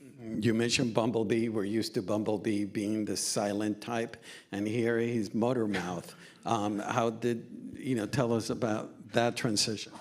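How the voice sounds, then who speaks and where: Low voiced guy running a festival q&a, short questions. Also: flat delivery, measured pace. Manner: brief prompting questions. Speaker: moderator. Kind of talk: festival Q&A interview. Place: theater stage, in front of an audience.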